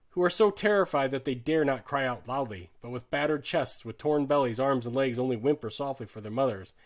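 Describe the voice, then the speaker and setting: A man giving a dramatic audiobook narration of a war novel, earnest and shifting his loudness sharply with the drama. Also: mid-range voice. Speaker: audiobook reader.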